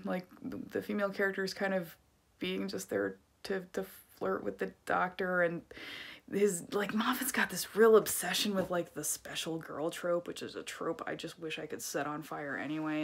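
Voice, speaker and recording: Low-pitched woman vlogger, chatty and ranty, filler-heavy, casual delivery. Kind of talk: casual rambling review vlog.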